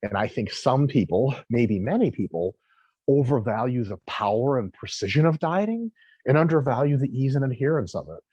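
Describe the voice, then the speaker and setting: Brief: male guest coach, blunt and emphatic, husky, dry recording. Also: medium pitch, expressive, normal speed, mellow, dry recording, lo-fi sound. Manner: emphatic, blunt, swears freely. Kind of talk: casual interview talk.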